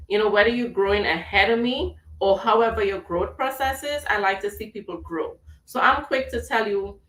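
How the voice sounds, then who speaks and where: A woman's voice: mid-range voice, moderate pace, a bit bright, roomy sound, recorded from a distance, low-quality recording. A woman hosting a radio talk show, upbeat and motivational, a little under the weather with a tight throat. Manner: upbeat, motivational, laughs easily. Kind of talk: casual radio chat.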